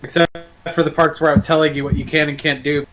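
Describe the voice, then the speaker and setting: A man calls in to a friend's stream and chats casually, making crude jokes and arguing his point. His voice sits a bit high, over a faint background hiss. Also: level tone, fast talker. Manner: crude, joking, argumentative. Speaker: guest co-host on a stream. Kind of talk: casual chat on a call. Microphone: voice call.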